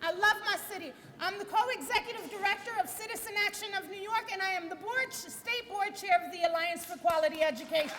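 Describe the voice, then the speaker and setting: A woman speaking at a rally, fired up and defiant. She calls out to the crowd and shouts some of her lines. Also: very high voice, expressive, brisk, hardly any pauses. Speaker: advocacy group director speaking at a rally. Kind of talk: fiery rally speech. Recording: echoey hall with crowd and noise.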